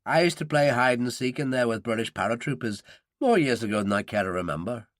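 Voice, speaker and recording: A man's voice: mid-range voice, animated, fairly quick, dry recording, close to an everyday voice. A man doing a dry, wry operative. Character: Irish ex-gunman, dry and wry, middle-aged man.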